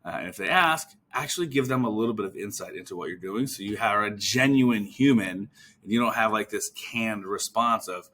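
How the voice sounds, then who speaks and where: Casual male podcast host, bright tone, animated, acts out calls. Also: fairly low pitch. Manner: animated, acts out phone calls in quick voices; casual, swears now and then. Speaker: podcast host, physical therapist coach. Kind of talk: casual coaching talk.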